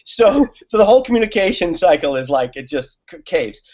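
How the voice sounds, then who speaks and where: A man's voice: high-pitched, sing-song, fairly quick, a little mellow. Chatty laughing man, muffled audio. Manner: chatty storyteller, laughs often, many fillers. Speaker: guest on a talk show. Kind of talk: casual conversation.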